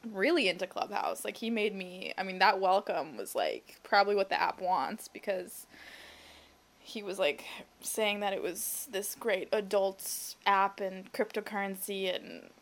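A woman's voice: mid-range voice, unhurried. A woman in her late twenties chatting casually, laughing often and acting out the people she quotes. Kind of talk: casual chat.

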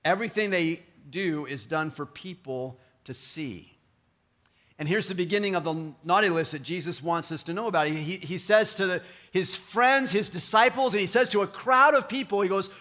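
A man's voice: high-pitched, normal speed, bright, forceful tone. A man preaching a sermon in a conversational, playful way, voicing quotes and asides. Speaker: pastor.

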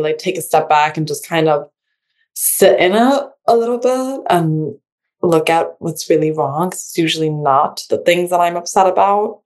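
A woman speaking in casual conversation as a guest, halting and filling her speech with "like" and restarts. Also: fairly low pitch, a little mellow.

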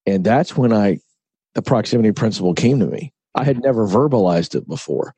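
A man's voice: lowish voice, lively intonation, a little fast, dark tone, husky, dry recording. A middle-aged man, an author and broadcaster, speaking earnestly in an interview and telling stories with emphatic repetition. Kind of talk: conversational interview.

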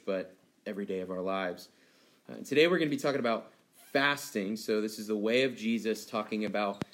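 A young adult man, a pastor, preaching a sermon in a casual, animated way, full of laughs and acted-out dialogue. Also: fairly low pitch. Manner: conversational and animated, acting out childhood dialogue with laughs.

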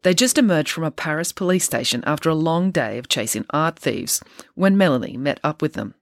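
A woman author chats to her listeners, then reads her own children's book aloud. Her voice sits low but swings lively up and down. The sound is close and dry. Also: a little fast, no echo. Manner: chatty, animated. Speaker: author and podcast host.

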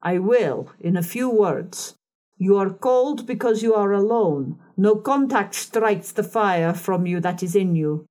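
Woman reading as an old female fortune teller: harsh, decided, unhurried. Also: mid-range voice, darkish tone, natural voice. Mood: probing. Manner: decided, deliberate, mocking.

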